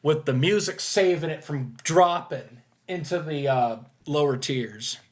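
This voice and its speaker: A man with a slightly high voice talks casually, stopping and restarting his sentences. He drops crude jokes into his opinions. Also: a little slow. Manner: rambling, hesitant, crude jokes. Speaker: host of fan ranking discussion. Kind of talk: casual chat.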